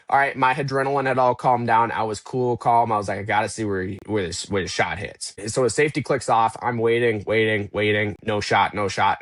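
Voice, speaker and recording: A man's voice: medium pitch, a bit bright, no echo. A man as a podcast guest who tells a story with energy and acts out his own past thoughts. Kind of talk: casual storytelling interview.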